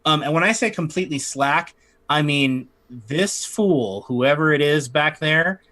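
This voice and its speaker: Bright-voiced male game master. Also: on the high side, unhurried. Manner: relaxed, chatty, with fillers. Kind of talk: narrating a tabletop game.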